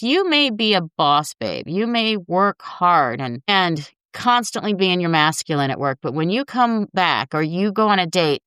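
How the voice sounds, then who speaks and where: A woman's voice: fairly low pitch, fairly bright tone, clean tone, dry recording, studio quality. A woman host giving casual dating advice in a frank, chatty way, talking straight to her listeners.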